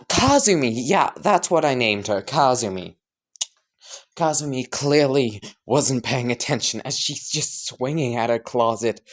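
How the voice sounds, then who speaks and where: A man casually improvising a fan story, rambling with fillers and the odd swear. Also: on the low side.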